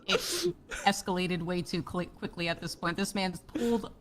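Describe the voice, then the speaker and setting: A woman's voice: fairly low pitch, moderate pace, fairly bright tone, slight background noise. Woman player in a roleplay, playful, keeps laughing, kinda hesitant. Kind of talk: improvised role-play as a police officer.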